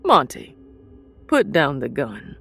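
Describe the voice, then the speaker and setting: A woman voicing a cold, commanding male sorcerer who gives calm, menacing orders. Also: a bass voice, slow pace, vocal fry, soft background music, exaggerated voice.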